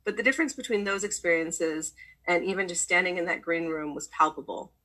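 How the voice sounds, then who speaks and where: A woman reading a personal story aloud in a measured way, with a husky voice. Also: on the low side, sharp tone, rough recording.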